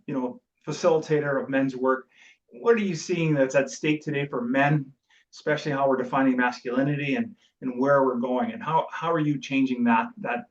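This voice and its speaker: A man hosting a podcast, affirming his guest and asking long, reflective, winding questions. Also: medium pitch. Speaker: podcast host. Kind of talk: interview questions. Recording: distant, dull lo-fi mic.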